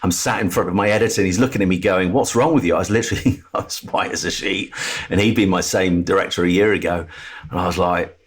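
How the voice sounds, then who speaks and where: Husky, low-voiced Englishman telling his story. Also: quick pace. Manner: animated storyteller who acts out the voices of others. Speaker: podcast guest, TV presenter. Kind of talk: candid personal storytelling.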